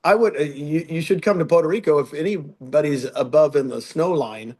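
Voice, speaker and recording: A man's voice: on the high side, a little fast, a little mellow, breathy edge. A man speaking as a guest on a training webinar over a video call, chatty and rambling with frequent restarts. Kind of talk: casual webinar talk.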